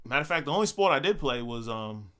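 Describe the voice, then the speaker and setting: A young man telling a personal story in a casual, animated way, laughing often and swearing casually. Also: medium pitch, fast talker.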